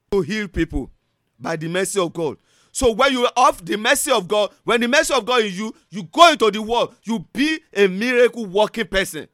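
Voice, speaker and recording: Male preacher, high voice, dry close sound, fervent chanted prayers, shouts and hushes. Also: no room sound. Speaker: pastor. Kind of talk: sermon with call-and-response prayer.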